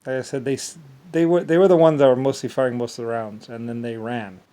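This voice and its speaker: Man, rambling monologue, halting, repeats words, trails off, middling pitch. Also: fairly even intonation, mellow. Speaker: vlogger.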